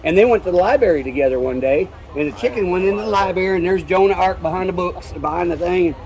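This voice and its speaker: A man's voice: sits high, fast talker, darkish tone, rough recording. A man telling old corny jokes in a folksy way at an outdoor festival, chuckling at his own punchlines. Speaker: folk musician and storyteller. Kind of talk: joke telling and singing with guitar at a fair. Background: guitar playing.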